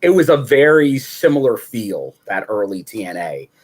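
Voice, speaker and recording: A man hosting a chat show, talking in a relaxed way and thinking out loud as he goes. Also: fairly low pitch, normal speed. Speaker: podcast host. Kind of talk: casual chat.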